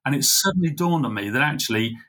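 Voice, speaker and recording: A middle-aged man, a podcast guest, telling a heartfelt story in an earnest, halting way. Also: mid-range voice, animated, a bit bright. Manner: earnest, halting, full of fillers and restarts. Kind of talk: conversational storytelling.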